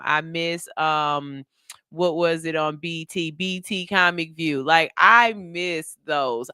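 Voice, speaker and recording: A male morning radio host chatting casually and animatedly. His voice is bright and crisp. It is close-miked in a dry studio. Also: on the high side, no room sound. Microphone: studio mic.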